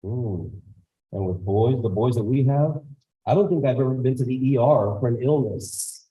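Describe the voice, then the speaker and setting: A man's voice: mid-range voice, fairly quick, poor audio. A man giving a storytelling talk to school staff, acting out the people in his stories. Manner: animated storyteller, acts out voices. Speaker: guest speaker. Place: school auditorium.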